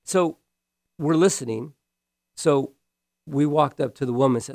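A man's voice: a little high, measured pace, vocal fry, long pauses, a little mellow, dry recording, studio quality. A man preaching a sermon, telling a story earnestly and often restarting his words. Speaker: pastor.

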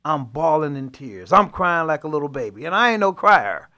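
Animated man telling testimony. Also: on the high side, normal speed. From Chicago. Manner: animated storyteller, dialect grammar, laughs often. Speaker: pastor, co-host. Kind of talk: testimony in faith talk show.

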